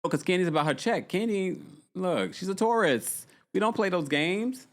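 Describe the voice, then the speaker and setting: Male stream host, chatty and gossipy, voice leaping between high exclamations and low asides. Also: expressive, moderate pace. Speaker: host of a live reality-TV recap stream. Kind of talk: casual live-stream recap reading chat comments.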